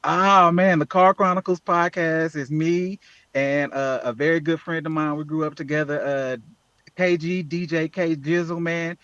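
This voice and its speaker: A man talks earnestly as a podcast guest in a casual interview. His fairly high voice often restarts and repeats words. The sound is dry and dull, with a lo-fi quality. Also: steady tone, unhurried, a bit bright, no room sound. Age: adult with children. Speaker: podcast guest, app founder.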